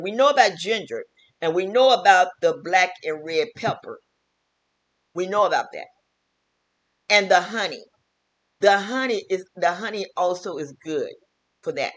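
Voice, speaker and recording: A woman, a health vlogger and teacher, talking earnestly and repetitively in a casual home wellness vlog from her kitchen. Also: on the low side.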